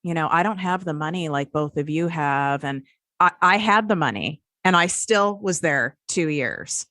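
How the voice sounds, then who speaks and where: A woman hosting a casual podcast interview, chatty and quick to laugh. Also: low-pitched, expressive, fairly bright tone, no echo, studio quality. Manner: chatty, giggly. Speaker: podcast host.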